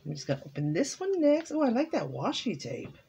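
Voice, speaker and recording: A woman's voice: fairly high pitch, huge pitch swings, a little fast, mellow, husky. A woman vlogging casually at home as she opens holiday cards and crafting mail, chatty and exclaiming over each one. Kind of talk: casual chat while opening mail.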